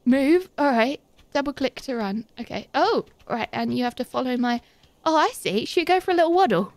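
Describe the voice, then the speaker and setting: A woman streaming a game live, chatting casually and squealing with excited giggles. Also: high-pitched, fairly quick, dry recording. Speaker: Twitch streamer.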